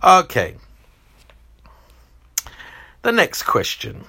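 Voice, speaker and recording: This quiz host runs a Christmas quiz, animatedly teasing contestants as he reads the multiple-choice questions and their options. He talks very slowly in a fairly high voice with vocal fry and a breathy edge.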